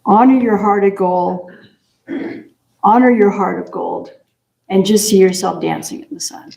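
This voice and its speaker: Gravelly-voiced woman preaching in an echoey church. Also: mid-range voice, unhurried, dark tone. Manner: folksy, chatty, affirming. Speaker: minister. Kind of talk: sermon. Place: church sanctuary.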